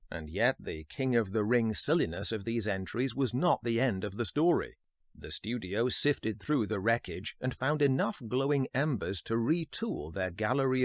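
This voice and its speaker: A man hosting a film history podcast, reading scripted narration in a measured, wry manner. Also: fairly low pitch, no echo, clean studio sound.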